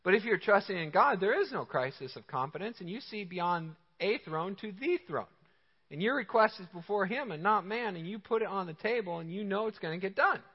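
A man preaching a sermon with energetic, emphatic, conversational delivery. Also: high-pitched, fairly quick, breathy edge. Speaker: pastor. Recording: reverberant hall, slightly dull sound.

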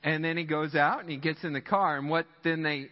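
A man preaching a sermon as pastor, telling a story in an animated way and laughing often, in a church sanctuary. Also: on the high side, fairly quick, long reverb tail, lo-fi sound.

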